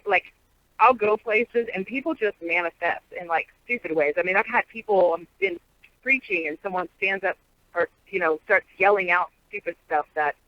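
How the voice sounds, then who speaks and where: A woman telling stories as an interview guest, a lively storyteller and prophetic teacher. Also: fairly low pitch, dry recording. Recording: dull lo-fi sound.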